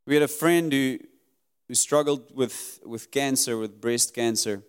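A man preaching a sermon in an earnest, emphatic way, his voice rising high and dropping low as he drives his points home. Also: measured pace, clean tone. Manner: earnest, emphatic preaching that rises and drops sharply. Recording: long hall reverb.

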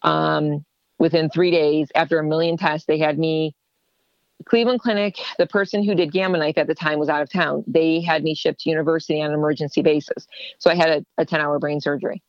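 Female interview guest, lower register, animated storyteller, dry close recording. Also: brisk, no room sound, muffled recording. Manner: animated, acts out quoted dialogue.

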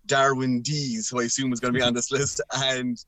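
Animated male podcast guest, dry sound. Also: medium pitch, no room sound. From Ireland. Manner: animated, jokey, quick bursts of exclamation. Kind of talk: casual chat.

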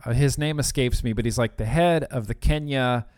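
In casual chat, a male podcast co-host rambles, full of fillers and restarts. His mid-range voice moves at a moderate pace and is a little mellow.

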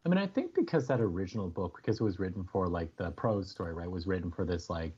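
A man from North America, chatting as the guest in an interview, telling animated stories full of fillers. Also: low voice, fast, slightly rough, highs cut off. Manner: animated storyteller, many fillers. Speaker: author guest. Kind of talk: casual interview chat.

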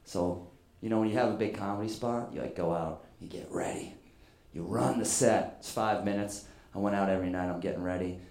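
A man's voice: on the low side, brisk, vocal fry, hardly any pauses, darkish tone. A man doing stand-up storytelling at a live show, conversational and self-deprecating. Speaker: guest comedian. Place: comedy venue stage. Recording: echoey live venue.

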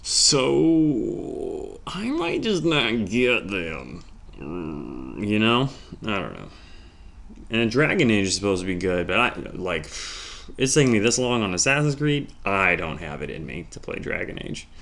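A man hosting a solo podcast, rambling in a jokey, self-deprecating way, swinging from low mumbles to loud outbursts. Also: very animated, measured pace, creaky. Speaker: podcast host.

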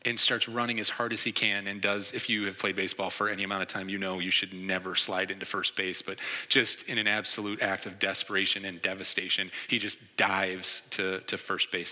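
A man in his forties from New York delivers a sermon as a vivid anecdote, mimicking the people in his story. His voice is strikingly bright and cutting. It rings out with a long reverb, as in a large sanctuary. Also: low-pitched, normal speed. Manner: lively storyteller, acts out quoted reactions. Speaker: pastor.

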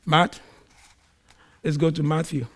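Male preacher, slow and dramatic, bursts loud for acted quotes, somewhat higher voice. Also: flat delivery. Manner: dramatic swings in pitch and volume; acts out quoted speech in a raised voice. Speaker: pastor. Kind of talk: sermon.

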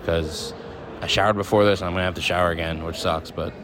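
A man with a lowish voice grumbles in a flat, deadpan way, keeping each complaint short and blunt. He sounds like someone leaving a quick casual voice message. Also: crowd noise. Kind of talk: casual voice memo.

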